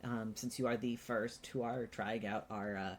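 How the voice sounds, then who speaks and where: A man's voice: fairly low pitch, fairly even intonation, moderate pace, a crowd in the background, natural voice. A man voicing a stiff, polite male host welcoming guests in a tabletop game.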